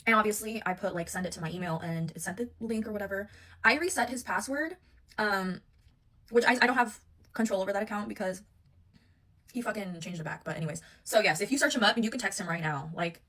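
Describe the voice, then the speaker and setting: A woman's voice: mid-range voice, quick pace. Young woman, casual storytime vlog, rambling and profane, mid-range voice, acts out the dialogue herself. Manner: rambling, profane, animated retelling with many fillers; acts out both sides of the argument in quoted voices.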